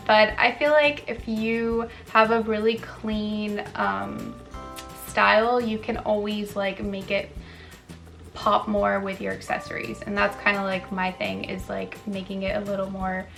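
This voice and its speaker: A woman's voice: medium pitch, creaky, fairly bright tone. Chatty young woman vlogger over faint music. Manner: chatty, filler-heavy, self-correcting, frequent "like" and "um". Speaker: wellness vlogger. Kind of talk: casual chatty facts video.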